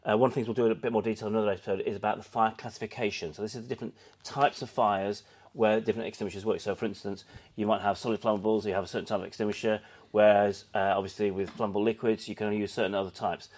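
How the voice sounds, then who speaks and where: A man co-hosting a casual podcast, talking quickly and agreeing often. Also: fairly low pitch, little pitch movement, darkish tone. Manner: quick, agreeable, many affirmations. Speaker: podcast co-host. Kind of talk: casual chat.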